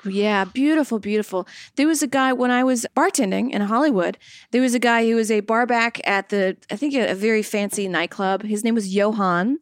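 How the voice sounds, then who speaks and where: A woman's voice: mid-range voice, a little fast, dry recording, clean studio sound. A young woman co-hosting a podcast, telling stories in a playful, giggly way. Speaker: podcast co-host. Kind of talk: casual chat.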